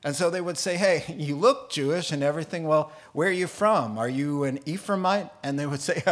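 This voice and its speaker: Middle-aged male pastor, slightly high voice, lively sermon delivery with laughter and mimicry. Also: brisk, few pauses. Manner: animated, laughing, putting on funny accents for examples.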